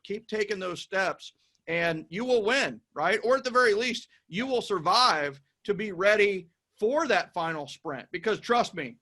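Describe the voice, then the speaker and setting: Bright high-voiced encouraging man. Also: expressive, a little slow. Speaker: guest. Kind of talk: motivational conversation.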